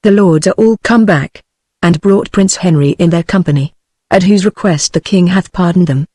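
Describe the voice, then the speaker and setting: A synthetic text-to-speech voice of a woman with a British English accent, reading the part of a loyal, anxious male English knight in a flat, unvaried way. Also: lowish voice, moderate pace, no echo, clean studio sound, close to an everyday voice. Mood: reporting.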